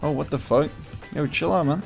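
A man giving casual, excitable gameplay commentary, swearing often and talking to his opponent. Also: on the high side, moderate pace, creaky, soft background music. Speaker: gaming video creator.

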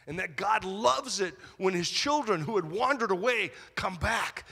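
A man preaching a sermon as pastor, animated, leading the congregation to repeat lines back to him. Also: sits high, unhurried, creaky, few pauses, breathy edge. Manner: animated preaching with call-and-response. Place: church auditorium. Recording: long hall reverb.

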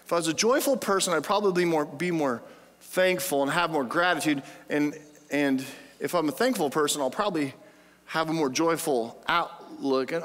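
A man delivers a sermon with a bright, high-pitched voice. He talks in a casual, joking way and keeps drawing the congregation in with questions. His voice rings with the long reverb of a church hall. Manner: conversational, playful, asks the congregation questions. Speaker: pastor. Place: church sanctuary.

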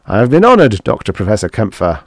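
A man's voice: on the low side, huge pitch swings, quick pace, vocal fry, dry recording, clean studio sound, full character voice. A man voicing a smug male army colonel who talks with boyish eagerness. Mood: polite.

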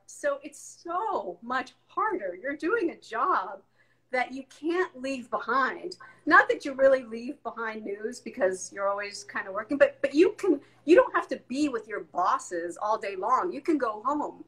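Animated woman telling family stories. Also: a little high, unhurried, rough recording. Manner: animated storyteller, acts out family voices. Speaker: guest. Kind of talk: casual interview chat.

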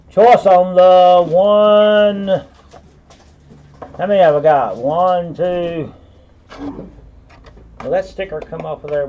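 A man's voice: fairly high pitch, muffled recording, slight background noise. A man hosting a live online auction, calling bids over and over with folksy asides. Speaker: auctioneer and host.

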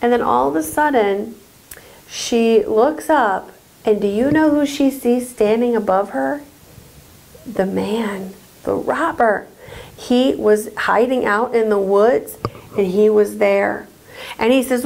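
A woman telling a story to children at church, halting with many fillers. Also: fairly high pitch, gravelly, a little mellow, poor audio.

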